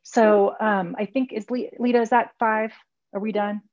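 A woman's voice: mid-range voice, fairly even intonation, normal speed, darkish tone, no room sound. A middle-aged woman giving a heartfelt personal share at a recovery meeting, rambling with many fillers and restarts. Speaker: speaker sharing at a recovery meeting. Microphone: video call. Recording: dull lo-fi video call audio.

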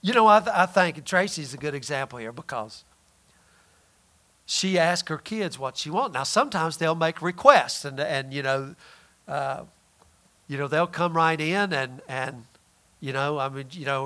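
A man's voice: fairly high pitch, sharp tone. A man preaching a sermon in a conversational, emphatic way, often acting out quoted voices.

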